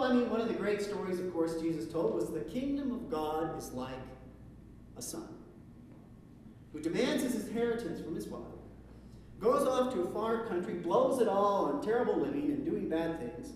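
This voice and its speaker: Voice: mid-range voice, expressive, moderate pace, long pauses, a little mellow, a little hiss or hum. Echoey distant preacher in a hall. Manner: conversational, restarts often, asks rhetorical questions. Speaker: pastor. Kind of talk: sermon. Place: church sanctuary. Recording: echoey hall recording from far off.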